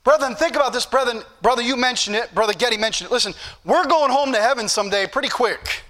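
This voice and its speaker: A man's voice: very high voice, fast talker, bright, forceful tone. A male preacher, exhorting a congregation in a sermon and repeating scripture references with emphatic bursts.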